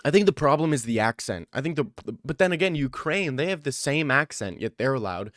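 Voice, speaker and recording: A man's voice: mid-range voice, animated, a little fast, fairly bright tone, dry recording. A young man chatting casually on a livestream, rambling and joking with slang. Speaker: streamer.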